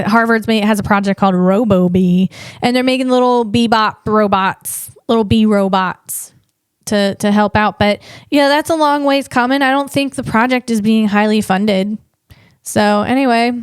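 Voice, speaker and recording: A woman's voice: a little high, clear, resonant tone, no echo, clean studio sound. A woman hosting her own podcast as a comedian, ranting in a playful, teasing way with lots of restarts. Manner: rambling, jokey ranting with frequent restarts. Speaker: podcast host and stand-up comedian. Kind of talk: casual solo podcast monologue.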